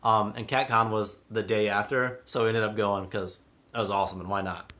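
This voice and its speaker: A man's voice: lowish voice, fairly even intonation, brisk, pushed and bright. A young man hosting a casual live stream about cats, chatting and reading out viewer comments. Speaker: cat channel host.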